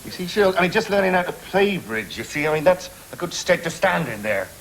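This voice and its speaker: A man's voice: high-pitched, big pitch swings, fairly quick, fairly bright tone, a faint crowd, a little hiss or hum, heavily acted. A man with an English accent playing a pushy young husband, a trainee salesman who rambles eagerly and keeps saying "I mean", in a studio sitcom. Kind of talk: 1980s studio sitcom acting.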